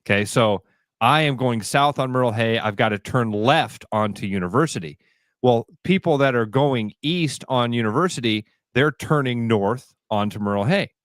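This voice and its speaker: Animated man telling stories on radio. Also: medium pitch, moderate pace, no echo, studio quality. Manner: animated storyteller, acts out quotes. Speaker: radio co-host. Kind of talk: casual morning radio banter.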